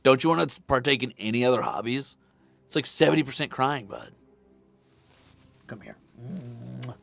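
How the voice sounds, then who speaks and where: Gravelly and fairly bright, the man's voice is medium-pitched at a normal speed. He streams from a room at home, drawing and chatting casually, with lots of swearing and teasing baby-talk for his cat.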